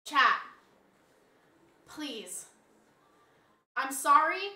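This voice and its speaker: A woman streamer in casual live-stream chat, pleading dramatically with her viewers and swinging from soft begging to loud shouting. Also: high-pitched, measured pace, long pauses.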